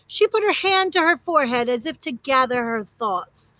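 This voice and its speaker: A woman narrates a children's story in a lively, expressive way. Her voice is high and bright, recorded close and dry. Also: moderate pace, no echo.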